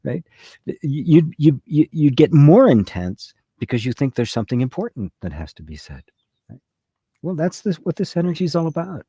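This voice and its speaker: A man giving a spiritual talk and answering a live chat in a soft-spoken, conversational way, often asking "right?". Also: fairly high pitch, very animated, brisk, breathy edge, no room sound. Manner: conversational, repeats words, says "right?" often. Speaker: spiritual teacher.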